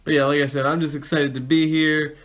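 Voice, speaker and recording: A man's voice: a little high, flat delivery, a little fast, low-quality recording. A man hosting a casual chat, upbeat and playful with his co-host.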